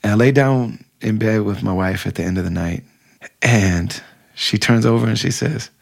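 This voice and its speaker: A middle-aged man with a low, gravelly voice tells a personal story. He speaks in a casual, heartfelt way and fills his sentences with conversational asides. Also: normal speed. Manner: heartfelt, conversational, many fillers. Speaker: podcast guest telling a story.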